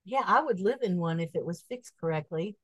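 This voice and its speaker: A woman's voice: on the low side, expressive, brisk, no echo, low-quality recording. A woman co-hosting a podcast in easygoing casual chat, laughing often and reading out listings. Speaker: podcast co-host.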